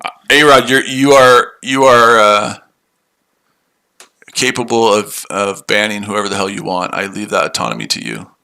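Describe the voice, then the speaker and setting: Male trading streamer, tired and mocking, bright tense tone. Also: on the low side, normal speed, creaky, smooth. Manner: sarcastic, repetitive, combative. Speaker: trading livestream host. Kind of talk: live trading stream, answering chat.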